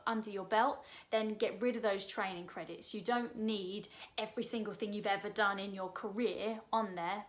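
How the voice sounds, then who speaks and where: A woman in her thirties with an Essex accent, giving casual career advice from her sofa in a direct, chatty way. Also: a little high. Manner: chatty, direct, asks the viewer questions. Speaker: performer sharing career advice. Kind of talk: casual advice chat to camera. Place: home sofa.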